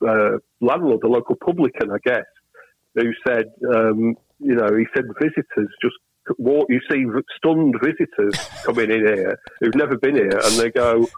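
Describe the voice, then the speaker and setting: A man's voice: mid-range voice, normal speed, breathy edge, highs cut off. British man, rambling political chat. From Britain. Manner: rambling storyteller, many restarts. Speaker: podcast co-host.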